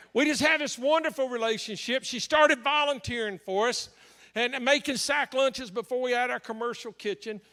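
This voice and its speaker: A male pastor preaching through a story, humorous and anecdotal. His voice sits high for a man and sounds bright and forceful. It carries through a large church hall with a long reverb. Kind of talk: sermon storytelling.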